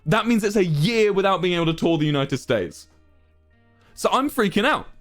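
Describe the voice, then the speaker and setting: A man's voice: high-pitched, very animated, normal speed, a bit bright, faint music behind. A young man streaming, telling his chat a story as an exasperated, swearing rant. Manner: exasperated, swearing, building to outbursts.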